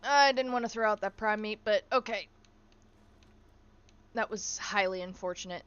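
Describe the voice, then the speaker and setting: Woman game streamer, crisp clear tone, casual swearing, chats to her pets. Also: mid-range voice, normal speed, fairly bright tone, lo-fi sound. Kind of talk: casual gameplay commentary.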